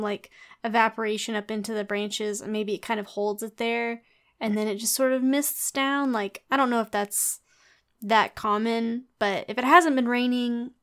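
Young woman co-host, slightly high, casual and chatty, filler-heavy. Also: a bit bright, smooth. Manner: chatty, lots of "like" fillers, laid-back. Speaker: podcast co-host. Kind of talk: casual chat, reading forum posts aloud.

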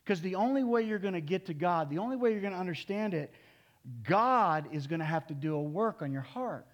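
A man in his sixties preaching from the pulpit in a relaxed, conversational manner. His voice sits fairly high for a man and jumps into loud, animated bursts when he drives a point home. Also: brisk. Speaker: pastor. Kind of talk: sermon.

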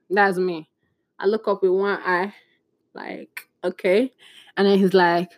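A woman's voice: mid-range voice, measured pace, no room sound. A young woman from Nigeria, a podcast host, telling a story casually and acting out the voices of the people in it. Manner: animated, acts out quoted voices.

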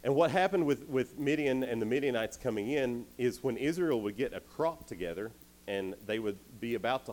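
Animated low-voiced male youth speaker. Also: slight background noise, low-quality recording. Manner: animated, acts out characters in quotes. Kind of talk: youth sermon, casual storytelling.

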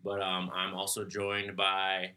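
A man's voice: low-pitched, monotone, takes it slowly, bright, forceful tone. A man in his twenties hosting a casual podcast chat, sounding congested, laughing and swearing often. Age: 20s. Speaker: podcast host.

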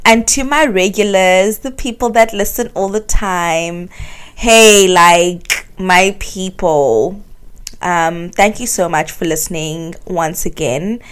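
A woman's voice: on the low side, slow pace, clear, resonant tone. A young woman from South Africa, hosting her own podcast from her bed in a candid, confessional chat. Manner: candid and confessional, many fillers like um and like. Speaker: podcast host. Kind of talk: casual solo podcast chat. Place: her bedroom, recording from bed.

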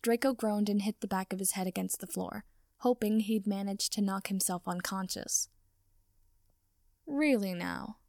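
A woman reading a story aloud as narrator, in a steady storytelling manner. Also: mid-range voice, normal speed, no room sound, clean studio sound. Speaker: audiobook reader. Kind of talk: fan fiction reading.

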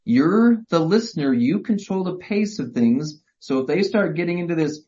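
Middle-aged guy running a workshop, quick and energetic, muffled audio. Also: on the high side. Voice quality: energetic, quick, acts out dialogues. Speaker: marriage workshop presenter. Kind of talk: live workshop lecture. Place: workshop session. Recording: muffled lo-fi recording.

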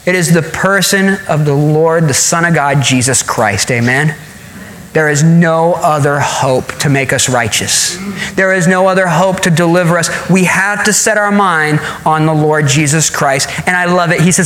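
A man preaching a sermon as pastor, acting out scripture in a lively way and chuckling often. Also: on the high side, moderate pace, reverberant, rough recording. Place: church.

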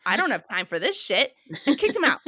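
A woman in her thirties in casual chat, telling a story with lively quoted dialogue. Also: on the high side, fairly quick, no echo, clean studio sound.

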